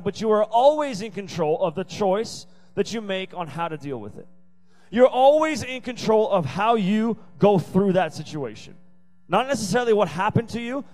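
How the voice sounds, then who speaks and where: A man's voice: high-pitched, darkish tone, low-quality recording. A man preaching a youth sermon, emphatic and repetitive, with playful asides. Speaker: youth pastor. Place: youth service venue.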